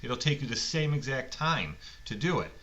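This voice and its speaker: A man's voice: medium pitch, sing-song, moderate pace, bright, forceful tone. A man who runs a lawn care business, telling stories and giving blunt, rambling advice on a casual podcast. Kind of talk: casual storytelling podcast monologue. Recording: muffled lo-fi recording.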